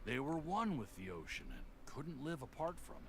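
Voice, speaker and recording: A dreamy, gravelly townsman. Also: medium pitch, very animated, normal speed. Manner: dreamy, storytelling. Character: calm man who believes the sea is home. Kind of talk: game voice acting.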